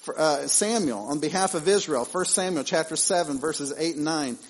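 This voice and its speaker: A male pastor, preaching a sermon in a conversational way, with lively asides and repeated phrases. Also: on the high side, normal speed, poor audio.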